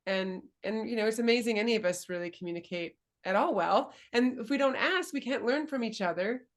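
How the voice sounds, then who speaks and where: A woman hosting a casual interview as a coach, speaking thoughtfully and searching for her words with soft laughs. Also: on the high side, lively intonation, fairly quick. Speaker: dating and embodiment coach, host.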